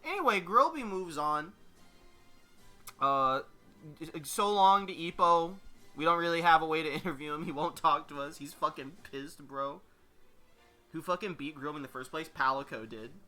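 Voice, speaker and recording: A man hosting a fighting-game tournament stream, chatting casually, rambling and swearing with quick laughs. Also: on the high side, lively intonation, bright, forceful tone, soft background music. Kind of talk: casual live-stream chat.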